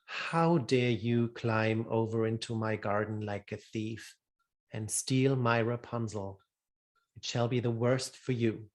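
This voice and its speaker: Man reading old fairy-tale witch, stern, reproachful, slow, middle-pitched. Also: fairly even intonation, close to an everyday voice. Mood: angry. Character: angry old witch guarding her garden.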